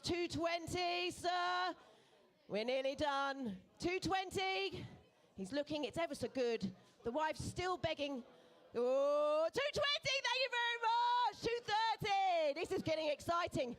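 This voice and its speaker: A woman with a high, bright-pitched voice works a live charity auction in a pub. She calls each bid briskly and coaxes and teases the bidders with playful banter. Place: pub event room.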